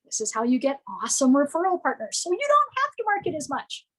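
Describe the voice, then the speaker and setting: A woman giving a lively, playful presentation to business owners, often acting out what customers might say. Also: high voice, quick pace, low-quality recording.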